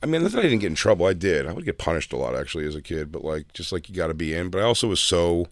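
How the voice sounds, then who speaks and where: Deep-voiced and rapid-fire, with big swings in pitch, this man co-hosts a podcast with no echo on the recording. His casual, profane school stories ramble, and he performs the quoted voices.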